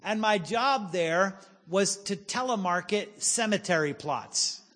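A man in his forties, a pastor preaching a sermon, telling a personal story with humor and slowing down for emphasis. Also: high voice, animated, a bit bright, in a large hall. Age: 40s.

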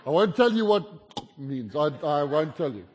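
Fairly high-pitched and a little mellow, this South African-accented guest preacher is very animated at a normal speed. He jokes through his sermon, telling chatty stories and ribbing listeners. A slight hiss or hum and a large hall's long reverb are audible.

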